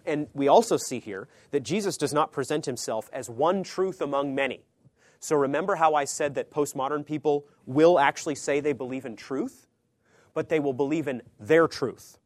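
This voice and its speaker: A man preaches in a mid-pitched voice, recorded dry and close with no room sound. He talks to his listeners in a conversational way and keeps checking in with them. His delivery swings between emphatic, louder lines and sudden hushed, low asides. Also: moderate pace, dry recording. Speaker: pastor or Bible teacher. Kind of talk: sermon teaching.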